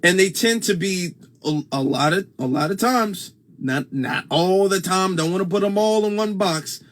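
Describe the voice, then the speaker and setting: High-voiced man hosting a casual livestream. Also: normal speed, a bit bright. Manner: conversational, repeats points, reads viewer comments aloud. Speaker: host.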